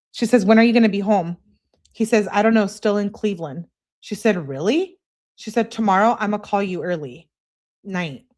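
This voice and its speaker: A woman hosting a live stream, reading text messages aloud in an animated way and breaking in with wry asides. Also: fairly low pitch.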